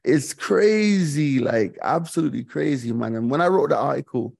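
A man's voice: on the high side, expressive, normal speed, creaky, a little mellow, husky. A middle-aged man, a guest on a podcast, telling a personal story candidly and reflectively, repeating phrases and using many fillers. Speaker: guest, DJ and radio host.

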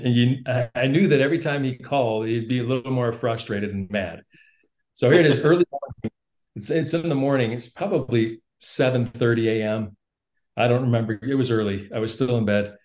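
Guy guesting on a podcast, medium-pitched voice, tells his story all animated, laughs a lot, stumbles over his words. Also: a little fast. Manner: animated storyteller who laughs often and repeats words when starting sentences. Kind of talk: storytelling in casual conversation.

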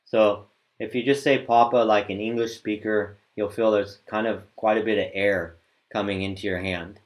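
Patient male teacher, slightly low voice, walks learners through sounds with halting restarts. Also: steady tone. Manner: patient, hesitant, demonstrates sounds aloud. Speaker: Sanskrit recitation teacher. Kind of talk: step-by-step pronunciation lesson.

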